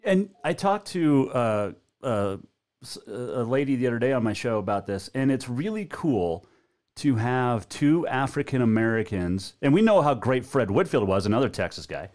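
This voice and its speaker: A man from Montana hosting a radio show, chatting with a guest in a relaxed, conversational way. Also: mid-range voice, moderate pace. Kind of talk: casual interview chat.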